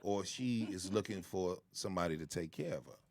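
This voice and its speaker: A man's voice: low-pitched, fairly quick, a little hiss or hum. A man who is a stand-up comedian, a guest making his points with emphatic repetitions in casual talk. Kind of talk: casual podcast banter.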